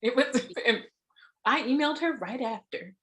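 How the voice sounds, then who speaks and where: A woman's voice: on the high side, animated, normal speed, fairly bright tone. A woman hosting a podcast interview, talking expressively in a casual chat, laughing often and swearing freely. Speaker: podcast host.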